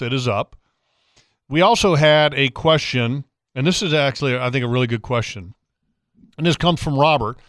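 A man hosting a fishing radio show in a relaxed way, reading out listener questions. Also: medium pitch, no echo, clean studio sound.

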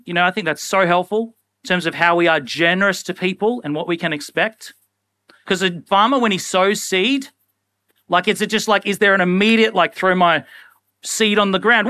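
A young man preaching a sermon in a casual, animated way, often acting out little everyday scenes. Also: high-pitched, moderate pace, clear, resonant tone, no room sound. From Australia. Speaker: pastor.

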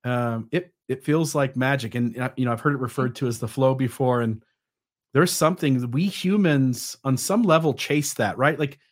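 A man's voice: medium pitch, moderate pace. A man in his mid-forties with a mid-range voice talks as a podcast guest. He explains his ideas at length, thoughtfully and with occasional fillers. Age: 40s. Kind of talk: conversational interview.

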